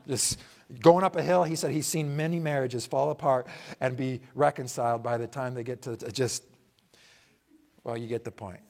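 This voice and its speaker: A male pastor preaching a sermon, emphatic and repetitive, asking rhetorical questions and swinging from loud declarations to hushed asides. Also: medium pitch, fairly even intonation, normal speed, vocal fry.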